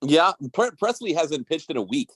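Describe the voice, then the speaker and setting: A man's voice: fairly high pitch, very animated, normal speed, fairly bright tone, no echo. A man co-hosting a podcast in casual sports chat, rambling and restarting his sentences, laughing often. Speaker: podcast co-host.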